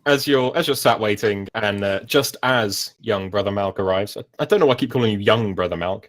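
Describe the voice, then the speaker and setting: Rambling game master, low voice. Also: male voice, fairly quick, fairly bright tone. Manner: rambling, self-mocking, many fillers. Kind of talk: narrating a tabletop game.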